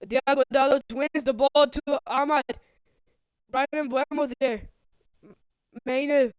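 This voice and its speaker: A woman streaming play-by-play commentary on a football video game, calling out players and breaking into sudden excited outbursts. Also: high-pitched, measured pace, pauses often, dry recording, low-quality recording. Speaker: livestream commentator.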